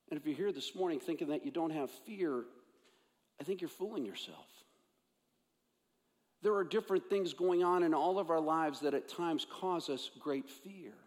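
Earnest preacher man in a reverberant hall. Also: on the high side. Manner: earnest, repeats phrases for emphasis. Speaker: pastor. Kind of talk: sermon. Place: church sanctuary.

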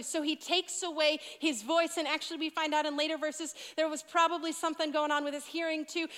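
A woman's voice: high voice, a bit bright. A young woman in her twenties preaching as a youth pastor, telling stories conversationally with asides to teenagers. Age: 20s. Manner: conversational storytelling with asides to teens. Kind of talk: sermon. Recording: long reverb of a large hall.

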